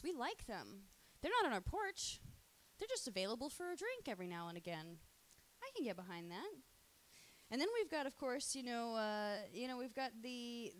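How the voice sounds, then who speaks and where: A woman streaming live, talking in a casual, rambling monologue full of swearing and fillers. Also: a little high. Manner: crude, profane, rambling with many fillers.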